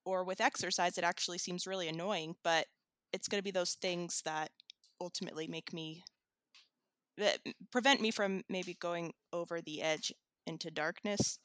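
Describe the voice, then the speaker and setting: A woman's voice: fairly low pitch, steady tone, normal speed, fairly bright tone, no room sound, studio quality. A woman hosting a podcast in casual chat, telling wry, self-deprecating stories. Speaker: podcast host.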